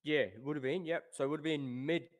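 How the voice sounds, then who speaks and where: A man in his thirties with a New Zealand accent, chatting as a guest about his racing past in a relaxed way. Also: fairly high pitch, quick pace. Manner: relaxed, laid-back, says "obviously" and "um" often. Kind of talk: casual interview chat.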